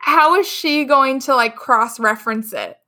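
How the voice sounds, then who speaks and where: A woman co-hosting a book podcast, chatting casually with quick agreeing replies and some swearing. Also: sits high, bright, forceful tone, slight background noise. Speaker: podcast co-host. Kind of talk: casual chat.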